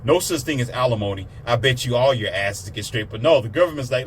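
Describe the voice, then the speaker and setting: A man's voice: medium pitch, expressive, quick pace, hardly any pauses, slight background noise. Heated ranting man. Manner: heated, preachy, swears, mimics others in raised voice. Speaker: commentator. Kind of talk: ranting monologue.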